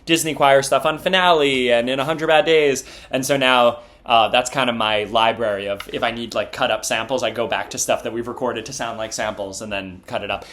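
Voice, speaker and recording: A man's voice: medium pitch, steady tone, brisk, hardly any pauses, a bit bright. Reflective young man, dry humor. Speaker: band member and producer. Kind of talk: casual interview chat.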